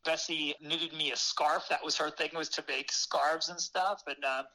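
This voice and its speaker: A man, a former newspaper reporter, telling a story as an interview guest in a lively, laughing way with many fillers. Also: a little high, moderate pace, low-quality recording. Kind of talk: casual storytelling.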